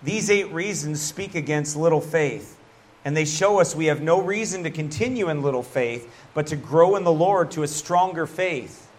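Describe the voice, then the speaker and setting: Male pastor, conversational sermon, slightly high voice, lively and chatty. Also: moderate pace. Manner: conversational, animated preaching with laughs and asides.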